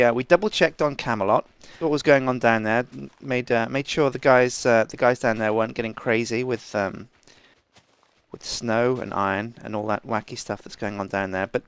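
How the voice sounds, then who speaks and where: A man co-hosting a casual gameplay chat, joking in a playful deadpan way. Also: medium pitch, clean tone, no echo. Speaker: co-host.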